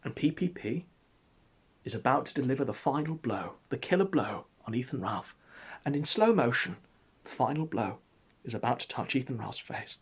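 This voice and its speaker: A man narrating an absurd comic story in a deadpan, mock-epic way. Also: mid-range voice, moderate pace, breathy edge. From England.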